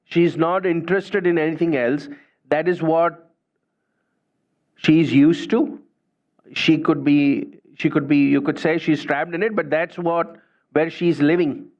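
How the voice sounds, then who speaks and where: A man with a fairly high-pitched, steady voice gives a spiritual talk at moderate pace, telling a story conversationally and often tacking on "you know" and "right." The recording is dull and lo-fi.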